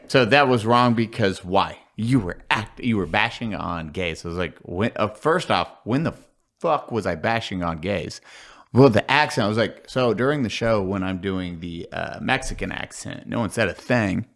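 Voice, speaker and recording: Gravelly low-voiced man hosting a podcast. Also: normal speed. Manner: animated storyteller acting out quoted voices, swears freely. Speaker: podcast host. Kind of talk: casual podcast chat.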